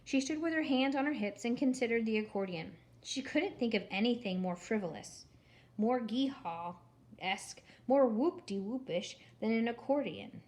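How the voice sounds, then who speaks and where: A woman's voice: on the high side, moderate pace, a little mellow. Wry woman reading a children's storybook. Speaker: storybook reader. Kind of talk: storybook narration.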